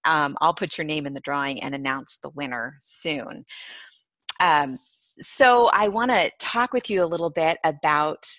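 A middle-aged woman hosts a podcast in a relaxed, chatty way, sprinkling in ums and easy laughs. Her voice sits a little low but sounds bright. The recording is dry and close. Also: creaky, no room sound. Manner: warm, chatty, laughs often, many ums. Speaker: podcast host. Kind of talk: casual interview chat.

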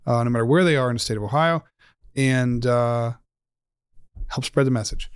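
A man's voice: mid-range voice, normal speed, clear, resonant tone, no room sound, studio quality. A man hosting a podcast, talking earnestly and gratefully in a casual interview, with frequent fillers and restarts. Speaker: podcast host.

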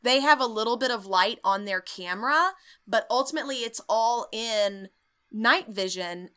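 A woman hosting a podcast, recapping a ghost-hunting show in an animated, sarcastic way and swearing freely. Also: mid-range voice, clean tone. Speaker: podcast host. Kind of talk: comedic storytelling recap.

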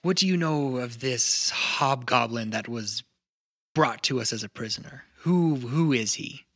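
A man's voice: mid-range voice, a little slow, fairly bright tone, slightly rough, no echo, studio quality. A man playing a hot-headed male duke who questions the party in a controlled, pointed way. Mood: probing.

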